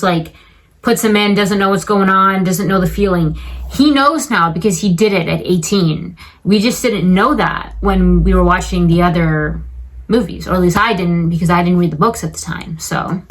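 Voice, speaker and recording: Poor audio carries a young woman's medium-pitched voice as she talks casually about a film for her review vlog. She's chatty and full of fillers, sometimes performing lines from the characters.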